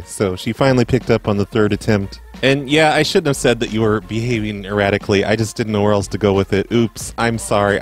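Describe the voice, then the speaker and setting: A man hosting a prank call show, rambling in a casual, self-mocking and profane way. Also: on the low side. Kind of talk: casual comedic monologue.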